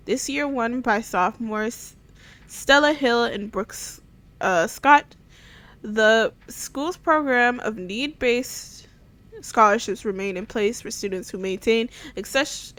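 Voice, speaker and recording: Her voice is fairly high and slightly bright as this woman streams a game with casual commentary. She laughs in giggles, stumbles when reading text aloud, and drops casual swear words throughout.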